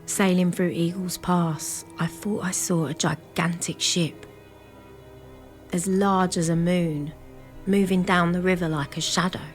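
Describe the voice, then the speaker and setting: A woman voicing a seasoned female river sailor, telling a tale slowly and in a hushed way. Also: fairly low pitch, fairly even intonation, soft background music, pitched below the performer's own voice, lightly acted. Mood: wistful.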